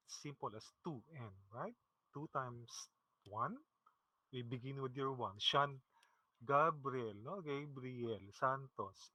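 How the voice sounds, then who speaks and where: A man's voice: medium pitch, bright, forceful tone, dry recording, rough recording. A man with a Filipino accent teaching a math class online, casual and chuckling, often checking in with "okay?". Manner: mixes English and Tagalog, often checks with "okay? no?".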